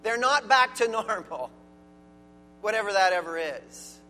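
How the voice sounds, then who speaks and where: Bright-voiced man preaching in a reverberant hall. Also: high voice, lively intonation, a little slow, long pauses, a little hiss or hum. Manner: earnest, emphatic preaching with rising stress on key words. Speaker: pastor. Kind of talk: sermon. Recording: long hall reverb with faint music.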